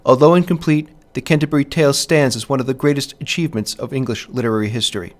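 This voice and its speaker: A man in the role of teacher narrates a scripted literature lesson at a medium pitch. His delivery is clear and measured, and he sounds out the stress patterns as he goes.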